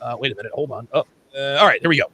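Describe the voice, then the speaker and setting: A man hosting a casual livestream panel, reading out viewer messages and reacting loudly and excitably, swearing freely. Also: mid-range voice, very fast, slightly rough. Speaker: livestream host reading super chats.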